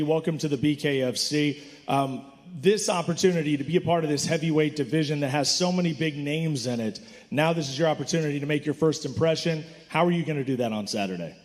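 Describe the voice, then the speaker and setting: A man's voice: fairly high pitch, a little fast. A man hosting a fight press conference, hyping up each fighter in turn. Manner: upbeat, hypes the fighters. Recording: reverberant hall, faint crowd.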